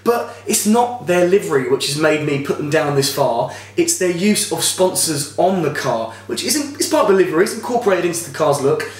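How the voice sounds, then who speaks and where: A man's voice: a little high, animated, brisk, hardly any pauses, distant mic. Chatty opinionated guy in an echoey room. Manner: chatty and opinionated, rambling with restarts. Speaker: motorsport vlogger. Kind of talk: casual opinion commentary.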